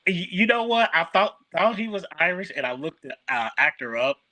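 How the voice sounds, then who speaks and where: A man with a bright, fairly high voice chats on a podcast, emphatic and excitable. The recording is close and dry. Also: normal speed, dry recording, rough recording. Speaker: podcast co-host. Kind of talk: casual chat.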